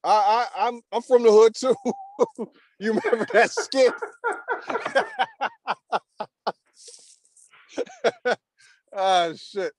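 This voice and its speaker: A man's voice: high-pitched, sing-song, drawn-out words, pauses often, a little hiss or hum. A man hosting a podcast, teasing his co-host and laughing often in casual chat.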